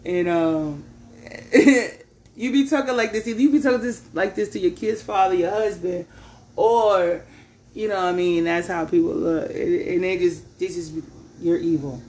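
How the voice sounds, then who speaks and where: A woman's voice: lowish voice, moderate pace, warm tone, a little hiss or hum. A woman who is a mother, reading tarot in a loose, chatty way, laughing often and tossing in slangy asides. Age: adult parent. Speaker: tarot reader.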